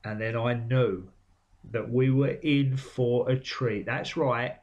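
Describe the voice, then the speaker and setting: A man's voice: mid-range voice, fairly even intonation, takes it slowly, darkish tone, lo-fi sound. A man giving blunt, sweary, opinionated commentary on video game trailers. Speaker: game vlogger. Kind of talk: casual commentary.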